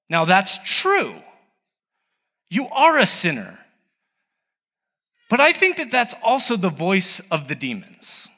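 A man preaching a sermon. His voice sits a little high and rings bright, rising and falling through a very wide range as he speaks in a conversational way and asks rhetorical questions. It carries the long reverb of a large hall. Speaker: pastor.

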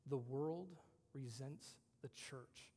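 A male pastor preaching a conversational sermon, moving between loud emphasis and hushed whispers. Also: medium pitch, slow pace, long reverb tail.

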